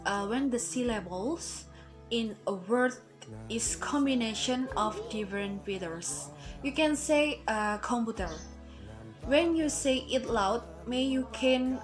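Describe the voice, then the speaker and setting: A young Indonesian woman student gives a recorded class presentation in a fairly high voice, speaking slowly and hesitantly with many fillers and restarts. The recording is rough, with background music behind her.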